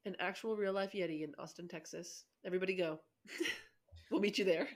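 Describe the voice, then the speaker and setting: A woman's voice: on the low side, steady tone, moderate pace. A woman co-hosting a casual podcast, playful and giggly, who swears freely. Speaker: podcast co-host.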